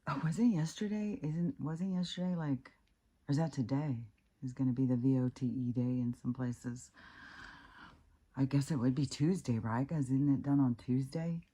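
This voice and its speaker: A woman's voice: rumbling low, moderate pace, mellow, slightly rough. A woman talking in a casual rambling monologue, frank and frustrated, swearing a lot and restarting her sentences often. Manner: rambling, with many fillers and restarts. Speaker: vlogger.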